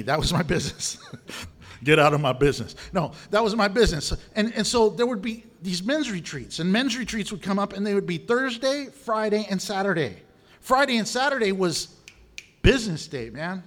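A middle-aged male pastor with a high-pitched voice, preaching with energy and humor. He slips into quoted voices and playful asides as he teaches. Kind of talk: sermon.

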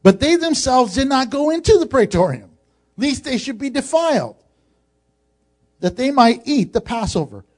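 A man's voice: very high-pitched, big pitch swings, normal speed, a little mellow. A male pastor giving a humorous, conversational sermon, acting out scenes as he teaches.

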